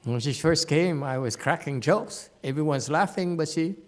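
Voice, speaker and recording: A man's voice: a little high, moderate pace. A man giving an informal Dharma lecture in a meditation hall, chatty and joking, laughing often and repeating words. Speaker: Buddhist teacher giving a Dharma talk.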